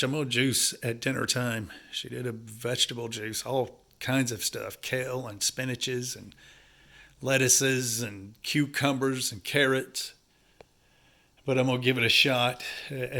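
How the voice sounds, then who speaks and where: A man's voice: medium pitch, vocal fry, fairly bright tone. Folksy stuffy-nosed man. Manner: folksy, rambling, addresses viewers as folks. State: congested, stuffy nose. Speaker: home-building vlogger. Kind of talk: casual talk to camera while working. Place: house under construction, indoors.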